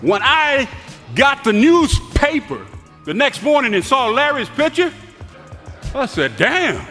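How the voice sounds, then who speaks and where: Give me an excitable man with a very high, bright voice, exclaiming as he tells a story. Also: a little slow, big-room sound, faint music behind, a faint crowd. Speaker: former coach, interview guest. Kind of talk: casual anecdote telling.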